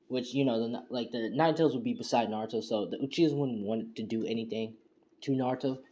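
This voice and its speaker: Man, mellow tone, loose rambling fan storyteller full of fillers, home recording. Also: mid-range voice, brisk. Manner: rambling, heavy on fillers like "you know" and "and stuff". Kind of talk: casual spoken fan-fiction retelling. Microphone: home screen-recording setup.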